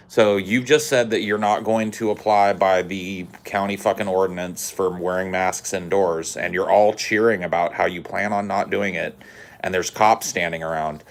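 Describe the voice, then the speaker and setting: A man on a podcast ranting angrily and sarcastically, swearing constantly and getting louder and more heated. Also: low voice, fairly even intonation, normal speed, slight background noise. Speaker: podcast co-host. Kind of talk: profane podcast rant.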